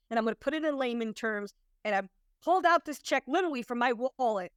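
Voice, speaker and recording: A woman's voice: fairly high pitch, animated, fast, clear, resonant tone, no echo, studio quality. A woman working as a compliance consultant, talking to an audience in an emphatic, conversational storytelling way. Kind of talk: presentation to an audience.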